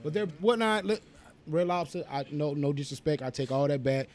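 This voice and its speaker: Man, high voice, rapid talk, rambling profane podcast rant. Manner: rambling, animated, profane, goes off on tangents. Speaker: podcast co-host.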